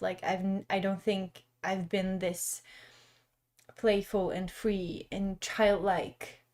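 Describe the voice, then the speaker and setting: A young woman hosting a cozy painting livestream, chatting gently, reading comments aloud and laughing often. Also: medium pitch. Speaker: art stream host. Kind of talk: casual livestream chat while painting.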